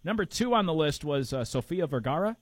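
Rambling man with a lively voice. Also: a little high, a little fast, no echo. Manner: rambling, searching for names with fillers. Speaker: podcast co-host. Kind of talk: casual chat.

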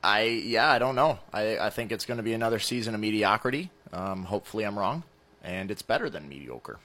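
A man's voice: on the low side, expressive, brisk, sharp tone. A man from Michigan co-hosting a casual sports podcast in an easygoing, agreeable way.

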